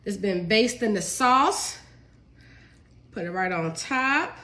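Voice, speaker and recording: Her voice is medium in pitch, expressive, bright and forceful, and she takes her time, with a little hiss or hum in the background. She's a home cook and cookbook author with a cold, sniffling as she cooks live, chatting casually, calling viewers y'all, and laughing often.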